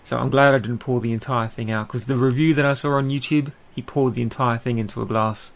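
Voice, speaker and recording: A man's voice: medium pitch, fairly even intonation, fairly quick, vocal fry. A man with an Australian accent co-hosting a casual podcast, chatty, with lots of ums and frequent laughs. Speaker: podcast co-host. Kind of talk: casual chat.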